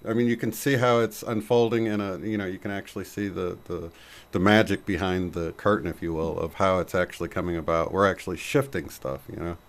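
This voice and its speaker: Man, low voice, rambling, lots of fillers, casual chat host. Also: fairly even intonation, fairly quick.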